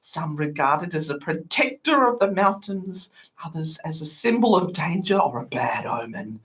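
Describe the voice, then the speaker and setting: A woman's voice: deep voice, big pitch swings, moderate pace. A woman co-hosting a podcast, reading out a comedic lecture with jokes and frequent laughter. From Australia. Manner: jokey, laughing, self-interrupting. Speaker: podcast co-host. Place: studio.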